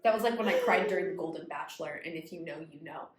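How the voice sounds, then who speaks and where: A woman's voice: lowish voice, fast talker, roomy sound. A young woman co-hosting a podcast, gushing about a book in casual chat and saying "like" a lot. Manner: gushing, heavy use of "like" and "literally". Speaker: podcast co-host.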